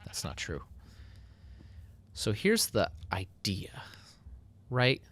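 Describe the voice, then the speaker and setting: A man's voice: on the low side, huge pitch swings, drawn-out words, fairly bright tone, in a whisper. A man casually narrating his building game, chatty and self-mocking. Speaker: Minecraft YouTuber. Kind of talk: casual gameplay commentary.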